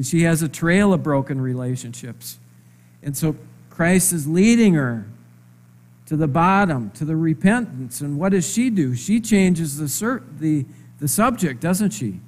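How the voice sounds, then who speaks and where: A man preaching a sermon in a conversational way, asking his listeners rhetorical questions and stressing words slowly. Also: on the high side, darkish tone. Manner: slow, emphatic phrasing.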